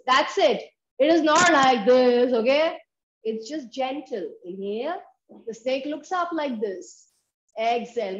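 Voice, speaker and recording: A woman with an Indian English accent leading a children's yoga class, giving encouraging instructions and counting breaths aloud. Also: high-pitched. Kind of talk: guided fitness class for kids. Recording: dull, roomy sound with faint background noise.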